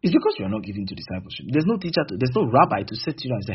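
A man's voice: mid-range voice, sing-song, racing, slightly rough, highs cut off. A man preaching a sermon emphatically, acting out little dialogues between people as he teaches.

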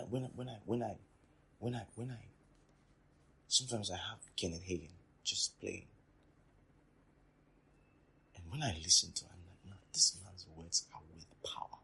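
A man's voice: fairly low pitch, creaky, breathy edge. A man preaching a sermon to trainee teachers, emphatic and repetitive, dropping to near whispers and rising again. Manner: repetitive, emphatic, swings from loud to quiet.

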